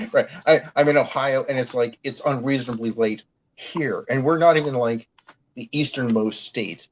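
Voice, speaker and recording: A man from Massachusetts in casual chat, animated and effusive, often laughing as he talks. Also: medium pitch, a little slow, lo-fi sound, a little hiss or hum. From Worcester, Massachusetts. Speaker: chat participant.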